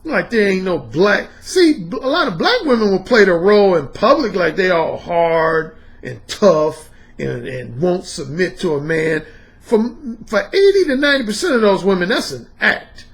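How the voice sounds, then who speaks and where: A man's voice: high voice, sing-song, moderate pace. A man in his fifties, a dating coach, telling stories in a blunt, emphatic, profane video podcast monologue.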